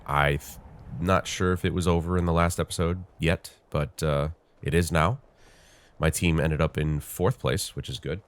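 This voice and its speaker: A male gaming host with a congested voice chats casually as he plays, rambling and thinking aloud with lots of fillers. His voice is a rumbling low, steady in tone, at a normal speed.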